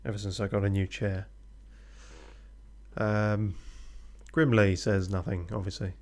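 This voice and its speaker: A man's voice: on the low side, steady tone, unhurried. A man streaming a video game live. He chats casually and offhandedly, swears now and then and mutters asides to himself.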